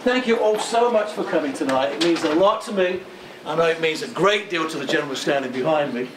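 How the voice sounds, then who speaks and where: A middle-aged man with a British accent addresses guests at a museum gallery opening, brimming with enthusiasm and quick to laugh. His voice sits somewhat high for a man. There is faint ambient noise in the background. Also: lively intonation, reverberant. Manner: enthusiastic, chatty, laughs often. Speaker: magazine publisher introducing an exhibition.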